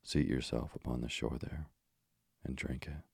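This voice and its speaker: A man voicing a hideous, scornful old sea witch in a storybook reading, with slow, gravelly menace. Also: extremely low pitch, steady tone, no echo, studio quality, full character voice. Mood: menacing.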